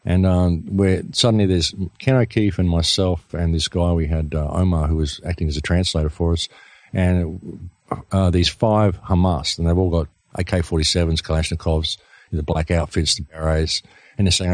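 A man's voice: deep voice, fairly even intonation, normal speed, dry recording. An Australian man, a radio guest, telling a long story in a casual, rambling way with many fillers.

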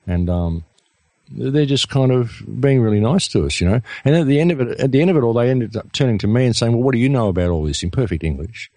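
A man's voice: mid-range voice, animated, fairly quick, mellow, dry recording. An Australian man, a radio guest, telling a long story in a casual, rambling way with many fillers.

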